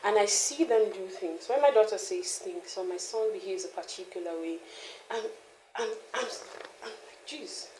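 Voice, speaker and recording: Woman guest, candid storyteller, laughs often, lively delivery, mid-pitched, roomy echo. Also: moderate pace, background noise. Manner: animated, laughs often, trails off and restarts. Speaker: founder of a mothering community, interview guest.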